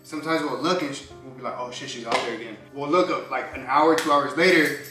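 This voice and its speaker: Speaking with slang, a young vlogger animatedly recounts a story and performs the quotes of the people involved. He talks at a quick pace in a mid-range voice. The mic is distant, the room echoes, his voice is off-mic, and music plays in the background.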